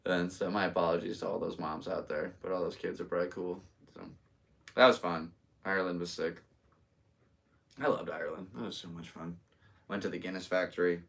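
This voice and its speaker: A laid-back man in his thirties from Connecticut, chatting loosely on his own podcast. His voice sits low, and he drifts from story to story with easy fillers. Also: little pitch movement, a little fast, creaky, long pauses, fairly bright tone, distant mic. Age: 30s. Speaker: podcast host and comedian. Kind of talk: casual solo podcast chat.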